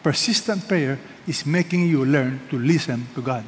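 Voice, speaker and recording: A man's voice: fairly high pitch, moderate pace. A man preaching a sermon, emphatic and leading the congregation to repeat phrases after him. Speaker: pastor. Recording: reverberant hall with faint noise.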